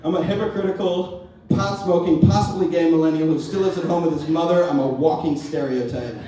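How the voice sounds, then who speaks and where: A man's voice: a little high, steady tone, a little fast. Self-mocking young man in an echoey club. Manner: rambling, self-mocking, acts out voices of others. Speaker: stand-up comedian. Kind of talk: stand-up comedy set. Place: comedy club stage, live audience. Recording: echoey distant room recording, noisy.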